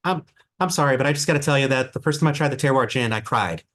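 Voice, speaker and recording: A man's voice: medium pitch, fast talker, fairly bright tone, pitched above the performer's own voice, lightly acted. A man voicing an earnest Southern woman bartender with a Southern twang, telling a heartfelt story.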